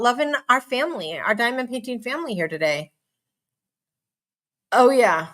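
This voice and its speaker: A woman hosting a casual live chat, reading out viewer comments in a bubbly, hyper, chatty way with quick asides and laughs. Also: on the high side, animated, a bit bright. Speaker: live stream host. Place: home.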